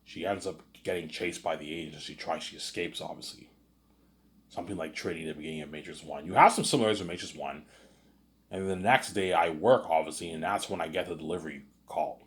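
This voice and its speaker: A man's voice: deep voice, fast talker. A man telling a story in a casual, rambling way, stammering and repeating himself as he goes. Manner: rambling, stammering repetitions, constant "you know what I'm saying".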